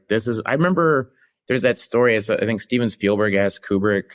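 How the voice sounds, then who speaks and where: Deep-voiced actor guy telling stories in an interview, does little impressions, chatty. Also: a little fast. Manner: lively storytelling with impressions and laughs. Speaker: actor guest. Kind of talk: anecdotal interview chat.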